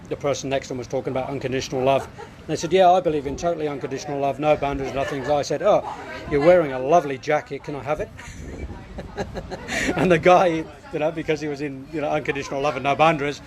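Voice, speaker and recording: An earnest man in his fifties talks viewers through their questions like a coach, reflective and direct. His voice sits at an ordinary middle pitch. A busy crowd murmurs clearly in the background. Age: 50s. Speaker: host. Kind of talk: live show answering viewer questions.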